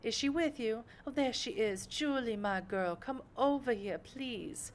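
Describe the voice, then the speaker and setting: A woman voicing a poised vampire patroness in a put-on Southern US accent, speaking in a measured, instructive way. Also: fairly high pitch, slight background noise, voice pushed up, natural voice. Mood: warm welcome.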